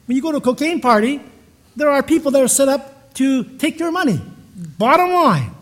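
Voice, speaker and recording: In a very high-pitched, sing-song voice with a fairly bright tone, this pastor talks fairly quickly. He gives a chatty, conversational sermon built on stories and keeps restarting sentences.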